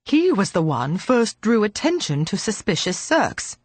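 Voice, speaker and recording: A woman voicing a wry, cheerful police sergeant, pushing her voice low and gruff to play a man. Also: sing-song, unhurried, dry recording, exaggerated voice.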